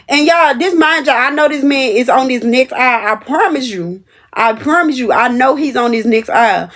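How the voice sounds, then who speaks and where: Young woman, high voice, animated and emphatic, storytelling vlog straight to viewers. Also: normal speed. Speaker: store cashier telling a work story. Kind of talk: casual storytelling to camera.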